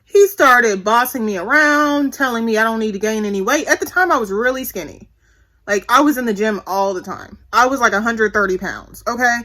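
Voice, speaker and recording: A woman's voice: a little high, fairly quick, bright, forceful tone. A woman in her twenties telling a candid, profane story to her viewers in a blunt, chatty vlog. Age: 20s. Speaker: vlogger.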